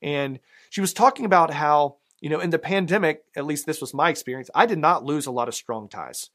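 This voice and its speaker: Southern guy preaching a sermon, chatty, lots of ums and rights, voice a bit on the high side. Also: expressive, fairly quick, a bit bright. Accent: American Southern. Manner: conversational, with many fillers and tag questions. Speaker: pastor.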